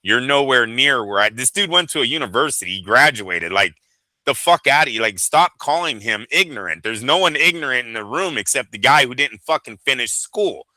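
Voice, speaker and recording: A man's voice: medium pitch, expressive, brisk, sharp tone, dry recording, rough recording. A man co-hosting a boxing podcast, giving blunt, profane opinions in casual chat.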